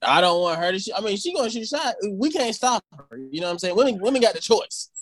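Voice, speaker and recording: A man's voice: high-pitched, big pitch swings, fast talker, fairly bright tone, poor audio. A man co-hosting a casual podcast, talking in a laid-back drawl. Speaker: podcast co-host. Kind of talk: casual chat.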